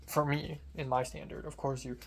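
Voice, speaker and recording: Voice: mid-range voice, level tone, normal speed, a little hiss or hum. Young adult vlogger, casual diary talk, rambling, self-deprecating, swears freely. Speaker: film student vlogger.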